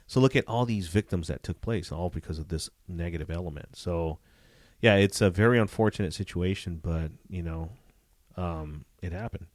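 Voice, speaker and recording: Low-voiced ex cop swearing a lot telling stories, dry close sound. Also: male voice, normal speed, dry recording. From Southern California. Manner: profane, animated storytelling. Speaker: retired police detective, guest. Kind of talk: casual storytelling interview.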